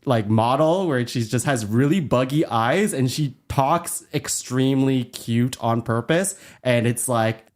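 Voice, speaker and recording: A man's voice: mid-range voice, unhurried, hardly any pauses. A man co-hosting a podcast, chatting casually as he recaps a film, laughing often and acting out quoted lines. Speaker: podcast co-host.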